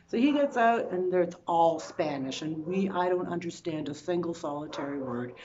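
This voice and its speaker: Woman telling a travel story, lively asides. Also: on the low side, lo-fi sound, background noise. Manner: animated, restarts and quick asides. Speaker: travel vlogger. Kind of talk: casual storytelling.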